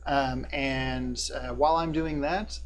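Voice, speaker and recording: A man running a tabletop game as game master, talking in a loose, filler-heavy way. His voice sits at an ordinary middle pitch. A faint electrical buzz hums under the recording. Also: steady tone, slow pace. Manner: casual, many fillers, drops into a low hushed tone for eerie scenes. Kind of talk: narrating a tabletop game and hosting a live stream. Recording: faint buzzing hum in the background.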